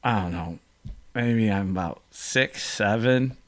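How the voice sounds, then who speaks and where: A man's voice: on the low side, takes it slowly. A man hosting a podcast, telling stories in an emotional, rambling casual chat. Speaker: podcast host.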